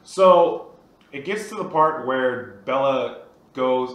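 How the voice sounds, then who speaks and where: A young man animatedly telling a funny story from his own life, slipping into other people's voices as he goes. His tone is bright and forceful, and the sound is very echoey, picked up from some distance. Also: mid-range voice, animated, slow. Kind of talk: comedic personal storytelling. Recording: echoey room, far from mic.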